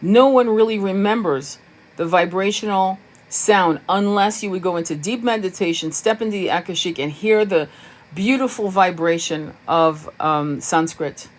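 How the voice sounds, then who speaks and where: A woman's voice: lowish voice, normal speed. A woman hosting a spiritual live stream. She answers viewers' comments in a blunt, casual way, swears freely and often laughs. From United States.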